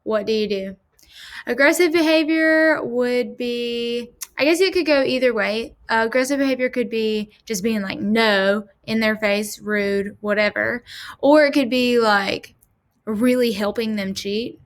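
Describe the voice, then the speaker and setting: Woman, fairly high voice, classroom assignment, reads out scenarios, casual, many fillers. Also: measured pace. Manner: talks through examples with fillers, reading scenarios aloud. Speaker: student presenting a class assignment.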